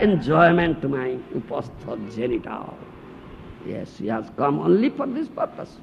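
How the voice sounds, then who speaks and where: Teasing and lively, a gravelly man lectures on scripture and takes questions, acting out the attached householder and asking rhetorical questions. He is a spiritual teacher whose first language is not English, speaking at a fairly high pitch without hurry. The 1992 recording is dull and lo-fi, with a faint hiss.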